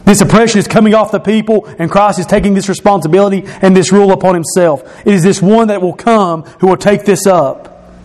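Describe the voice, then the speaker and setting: High-voiced man preaching a sermon. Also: darkish tone. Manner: explains scripture verse by verse, repeats key phrases; slows and drops his voice for emphasis.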